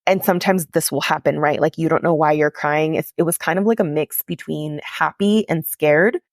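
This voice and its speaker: A podcast host shares a personal story in a candid, confessional way, her speech full of "like." She has a deep voice and talks at a normal speed, recorded dry with clean studio sound.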